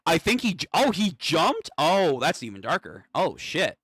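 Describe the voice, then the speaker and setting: A man streaming a live manga reaction, thinking aloud, swearing and getting excited as he reads. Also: on the high side, normal speed, breathy edge, dry recording, studio quality.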